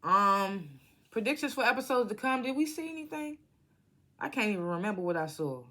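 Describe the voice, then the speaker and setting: A woman's voice: medium pitch, a little fast. A woman giving a casual reality TV episode recap, blunt and profane, acting out the cast's lines as she tells it. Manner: blunt, profane, animated storytelling.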